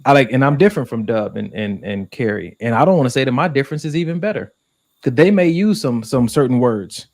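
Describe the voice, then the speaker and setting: A man in his thirties talks through relationship questions on a casual podcast, earnest and reflective. His voice sits at an ordinary middle pitch and is recorded close and dry with no room sound. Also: expressive, fast, darkish tone, no room sound. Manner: earnest, reflective, speeds up when making a point. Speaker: podcast co-host.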